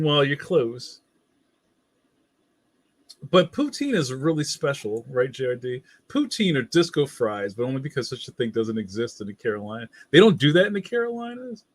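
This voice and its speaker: Male host, relaxed livestream chatter, slangy and jokey, dry sound. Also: mid-range voice, normal speed, dry recording. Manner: playful, slangy, laughs often. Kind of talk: casual chat reading viewer comments.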